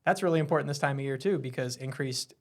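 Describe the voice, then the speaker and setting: A man's voice: medium pitch, fast. A man hosting a casual live show, chatty and teasing, often laughing. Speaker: host.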